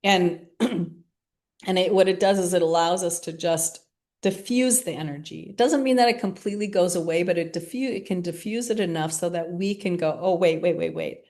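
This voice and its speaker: Workshop facilitator, woman, lowish voice, warm candour, laughs as she talks. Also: normal speed. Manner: gentle, candid, laughs often while talking. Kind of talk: reflective group workshop talk.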